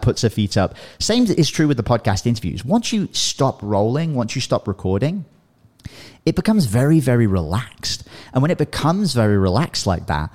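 Animated man coaching on a podcast. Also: medium pitch. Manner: animated, acts out sample dialogues, frequent "you know" and "right?". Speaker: podcast host and business coach. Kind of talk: casual coaching talk.

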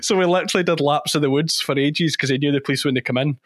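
A man's voice: a little high, quick pace, no echo, studio quality. A man, a former policeman and sheep farmer, telling stories in a casual podcast interview, laughing often and repeating himself.

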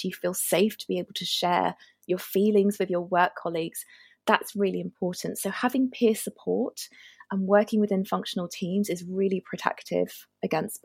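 A woman doctor speaking in a calm, explanatory way, her voice gravelly with a husky, slightly breathy edge. She is recorded close on a dry podcast mic. Her pitch sits at a middle level. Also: no echo. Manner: measured, explanatory. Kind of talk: podcast conversation.

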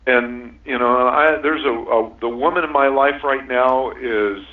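A man's voice: medium pitch, unhurried. A man talking in a casual interview, earnest and reflective, often laughing and restarting his sentences. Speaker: guest sharing a relationship compatibility system. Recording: distant, tinny phone-line sound.

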